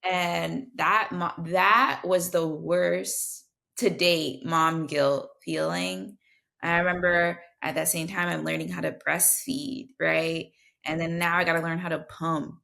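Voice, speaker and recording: A woman's voice: fairly low pitch, steady tone, slow pace, creaky, pushed and bright. A young woman, a nurse, sharing her story as a guest in an earnest, heartfelt way, often restarting her sentences. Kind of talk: candid conversational storytelling.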